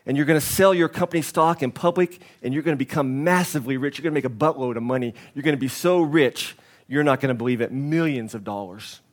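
A man's voice: mid-range voice, fast, close to an everyday voice. A male preacher voicing an eager, salesy businessman in a sermon story who lectures in a pushy way. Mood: boastful.

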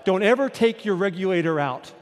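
A man putting on a calm dive instructor. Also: sits high, brisk. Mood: instructing. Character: easygoing male dive instructor, adult. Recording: long hall reverb.

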